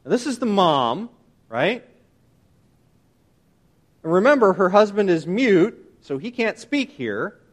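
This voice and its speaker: A man preaching a sermon, emphatic and animated, often asking his listeners rhetorical questions. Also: high-pitched, slow pace, pauses often. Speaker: pastor.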